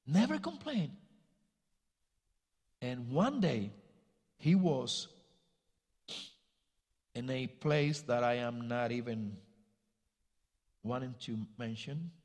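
Slow Spanish-accented man preaching in a hall. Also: medium pitch, darkish tone, breathy edge. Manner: halting, searching for words, acts out quotes. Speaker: guest speaker, missionary. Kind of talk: sermon storytelling. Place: church.

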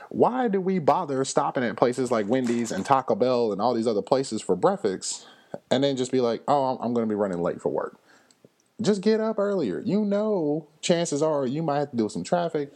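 A man hosting a podcast, telling a story in a blunt, animated way and swearing freely. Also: lowish voice. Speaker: podcast host. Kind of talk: casual storytelling monologue.

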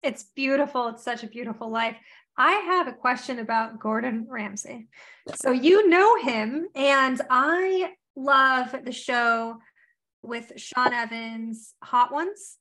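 Woman, interviewer, high voice, enthusiastic, casual cursing. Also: lively intonation, slow, sharp tone. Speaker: interviewer host.

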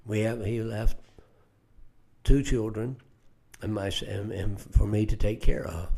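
A man's voice: on the low side, fairly even intonation, unhurried, vocal fry, warm tone. An older man teaching from scripture in an earnest preaching manner, often repeating words as he starts a phrase. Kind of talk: radio Bible teaching.

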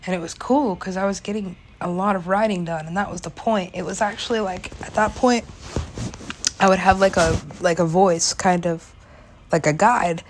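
Young woman vlogging, rambly, says like a lot, kinda low voice, swears, goes whispery sometimes. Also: normal speed, a little hiss or hum. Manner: casual, lots of "like" fillers, swears, laughs often; drops into whispers at times. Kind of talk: rambling personal monologue.

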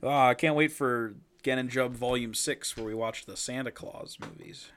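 A man's voice: medium pitch, moderate pace, fairly bright tone. A man co-hosting a podcast, recapping a movie in casual, profane, joking banter and laughing often. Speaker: podcast co-host.

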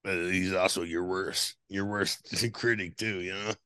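A man's voice: low voice, fairly even intonation, unhurried, bright, forceful tone, clean tone. A man co-hosting a casual chat, asking short questions and dropping in brief remarks. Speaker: co-host.

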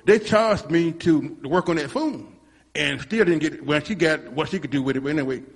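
A man's voice: a little high, a little fast, breathy edge, long reverb tail. A man telling a rambling church testimony, restarting and repeating himself as he goes. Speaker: congregant giving a testimony.

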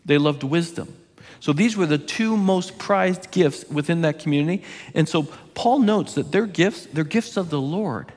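Male pastor, raspy edge, earnest emphatic preaching, church hall reverb. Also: on the high side, a little mellow. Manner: earnest, emphatic, drawn-out pauses for weight. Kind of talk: sermon.

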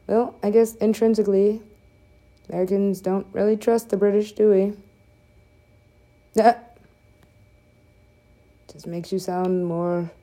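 A woman with a low, mellow voice chatting her way through a game. She talks slowly, wandering from joke to joke with plenty of profanity in a loose, offhand delivery. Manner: profane, rambling, joking asides. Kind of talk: casual gameplay commentary.

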